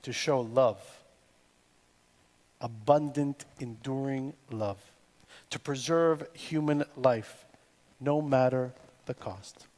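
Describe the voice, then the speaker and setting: Slow, measured cantor in a reverberant hall. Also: male voice, medium pitch, darkish tone. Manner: slow, deliberate delivery with poetic repetition. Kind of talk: sermon. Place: synagogue sanctuary. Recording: long reverb in a large hall with faint music.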